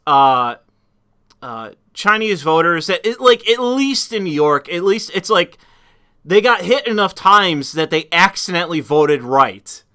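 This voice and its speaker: A man hosts a casual stream chat, rambling along with plenty of fillers and restarts. His voice sits high and has a bright, sharp edge. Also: lively intonation, measured pace. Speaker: stream host.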